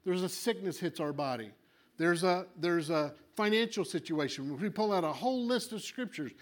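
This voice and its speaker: Animated high-voiced male preacher. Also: moderate pace. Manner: animated, acts out voices, shifts from loud to quiet. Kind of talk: sermon.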